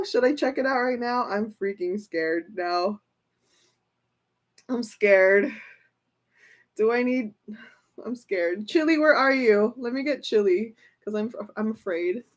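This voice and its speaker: A woman's voice: on the high side, takes it slowly, long pauses. A woman tarot reader and streamer chatting casually to her live viewers. She talks in a chatty way, with fillers and repeated phrases.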